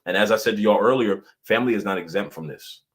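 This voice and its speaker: A man hosting a casual motivational livestream as pastor and coach, animated, often laughing and repeating his points for emphasis. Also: fairly low pitch, fast talker.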